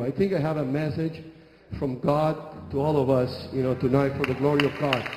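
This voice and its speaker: A man preaching a church sermon as a bishop, with a halting delivery that repeats words and pauses on fillers. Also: mid-range voice, little pitch movement, darkish tone, faint music behind. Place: church hall. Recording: echoey hall with long reverb.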